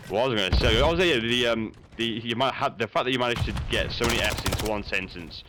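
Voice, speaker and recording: A man's voice: medium pitch, fast talker, noisy background. A Welsh man commentating a live esports shooter match, bantering and laughing often. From Wales. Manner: chatty, jokey banter with frequent laughs. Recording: gunfire and game sounds over the voice. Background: game gunfire and explosions.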